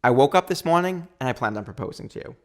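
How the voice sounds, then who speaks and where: Guy in his 30s telling a story on a podcast, lively, acts out the quotes, mid-pitch voice. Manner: animated, quick storytelling with acted-out quotes. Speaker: podcast guest. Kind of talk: storytelling in a casual interview.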